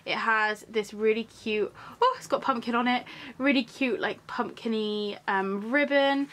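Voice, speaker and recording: A woman's voice: mid-range voice, fairly bright tone. Gushing young woman, gasping often. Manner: gushing, gasps often, many "like" fillers. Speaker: vlogger. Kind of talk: unboxing video chat.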